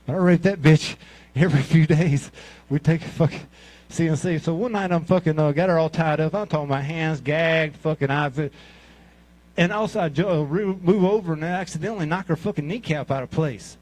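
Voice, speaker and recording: A man in his sixties with a Mississippi Southern drawl tells rambling, profanity-laced stories in a stand-up set. His voice sits a bit high for a man, and his delivery is crude, loose and conversational. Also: fairly quick, a little mellow, poor audio. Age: 60s. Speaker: amateur comic at a talent show. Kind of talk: stand-up storytelling.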